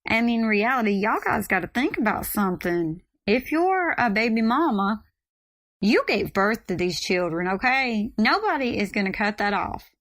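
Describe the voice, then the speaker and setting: A woman's voice: medium pitch, lively intonation, normal speed, a bit bright, no room sound. A middle-aged woman, telling a family story in a chatty way and acting out what others said. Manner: chatty, acts out quoted voices. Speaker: vlogger, mother. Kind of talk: casual storytelling to camera.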